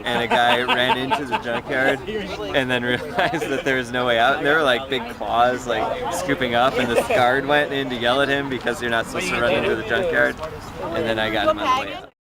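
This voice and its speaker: A man's voice: medium pitch, a little fast, a loud crowd. A man playing chaser in a city tag game, telling an amused anecdote outdoors in casual chat.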